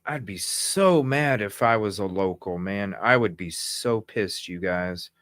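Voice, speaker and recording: A man's voice: lowish voice, unhurried, a bit bright, no echo, studio quality. A man hosting a live news stream, talking in agitated, indignant bursts that ramble with restarts.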